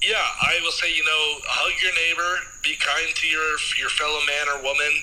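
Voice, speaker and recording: A man's voice: a little high, level tone, normal speed, a crowd in the background. A man joining a podcast as a remote guest over a phone call, easygoing and playful. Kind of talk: casual chat. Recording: noisy phone line.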